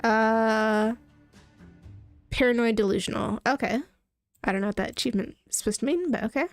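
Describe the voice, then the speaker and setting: A woman's voice: fairly high pitch, moderate pace, pauses often, dry recording, clean studio sound, faint music behind. A woman streamer giving casual, giggly, rambling commentary while playing a game. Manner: giggly, rambling, self-deprecating. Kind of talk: casual let's-play commentary.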